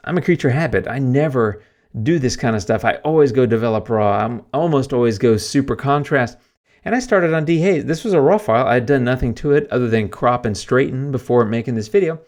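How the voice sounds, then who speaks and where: Casting note: male tutorial host, relaxed and talkative, mid pitch, loose conversational delivery with fillers. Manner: chatty, self-deprecating, thinks aloud with fillers. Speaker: photography YouTuber. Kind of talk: casual screen-recorded editing tutorial.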